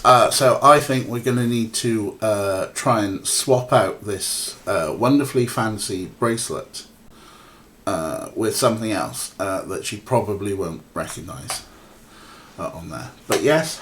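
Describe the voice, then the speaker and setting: A man's voice: lowish voice, expressive, measured pace, fairly bright tone. A man streaming a point-and-click game, talking casually and rambling with many fillers while chatting to viewers and his cats. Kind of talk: casual let's-play commentary.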